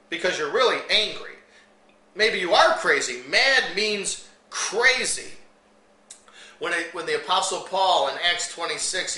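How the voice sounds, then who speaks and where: A man preaching a sermon, reading scripture aloud and breaking off into lively asides with small chuckles. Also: a little high, echoey room. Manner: reads King James verses, then breaks in with lively asides and chuckles.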